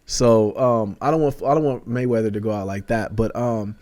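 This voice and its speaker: A man's voice: fairly low pitch, moderate pace, a little mellow. A man co-hosting a podcast, telling loose, rambling stories in a casual chat. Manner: easygoing, rambling storytelling. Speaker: podcast co-host.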